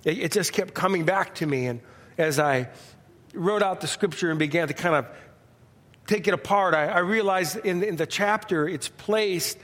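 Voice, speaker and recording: A man's voice: high-pitched, a bit bright, in a large hall. A male pastor preaching a sermon in a loose, conversational storytelling way with frequent restarts.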